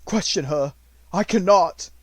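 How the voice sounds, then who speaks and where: A man reading an audiobook and voicing a frail, agitated older gentleman who speaks breathlessly and cries out urgently. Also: sits high, a little slow, no room sound, pitched above the performer's own voice.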